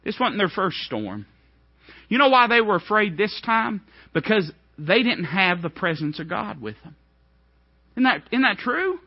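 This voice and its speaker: A man preaching a sermon, swinging from hushed, low lines to ringing, high outbursts. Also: big pitch swings, moderate pace, breathy edge, no echo, muffled recording.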